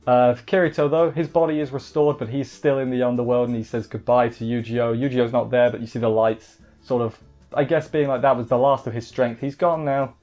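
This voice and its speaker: A man's voice: medium pitch, brisk. Hyped-up guy rambling through a casual review, kinda muffled audio, faint music behind. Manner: excitable, rambling, with frequent restarts and hype. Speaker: anime reviewer.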